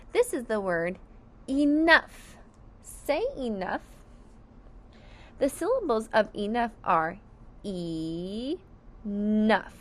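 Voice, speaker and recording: A woman teaching a phonics lesson to young children, sounding out each word syllable by syllable with careful enunciation. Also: medium pitch.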